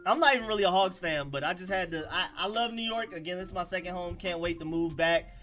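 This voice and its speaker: A man with an Atlanta accent hosting a casual sports livestream, talking in an animated, slangy way and reacting to the live chat. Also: sits high, fairly quick, faint music behind. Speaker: livestream host.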